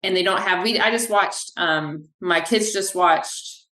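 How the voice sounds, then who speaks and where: A woman physical therapist talking in a podcast interview, telling animated stories from her clinic. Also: fairly low pitch, measured pace. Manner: animated, acts out quoted dialogue. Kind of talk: podcast interview, conversational storytelling. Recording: echoey room.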